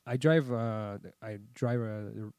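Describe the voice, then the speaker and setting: A man's voice: fairly low pitch, slow pace, mellow, clear, resonant tone. A man telling a long story in casual chat, acting out quotes and swearing often.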